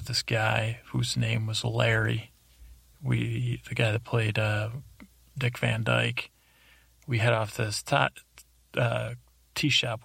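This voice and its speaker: A man telling a rambling comedic story as host, deadpan and halting, full of fillers and restarts, into a studio microphone. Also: medium pitch, gravelly, no room sound. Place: isolated recording space.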